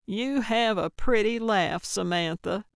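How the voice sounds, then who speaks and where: A woman's voice: medium pitch, slow pace, creaky, no room sound, studio quality. Woman voicing a boastful elderly amateur sleuth. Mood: confident. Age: older. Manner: confident, self-important.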